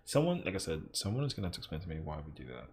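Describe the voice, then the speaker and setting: A low-pitched young man streams a game and talks straight to his chat. His pitch swings a lot as he grumbles and swears at his teammates. A faint hiss of noise sits under the voice. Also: very animated, very fast, darkish tone. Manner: frustrated, swearing, talking to chat. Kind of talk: casual gaming livestream commentary.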